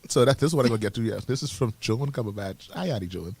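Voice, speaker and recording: A Bahamian man co-hosting a morning radio show in casual chat, teasing and giving jokey shout-outs. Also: medium pitch, expressive, very fast, husky. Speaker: radio co-host. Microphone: studio microphone.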